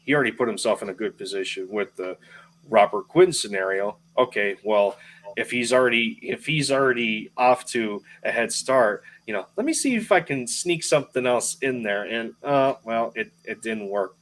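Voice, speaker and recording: A man in casual sports podcast chat, talking in a halting way and often repeating himself. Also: fairly low pitch, fairly bright tone, low-quality recording.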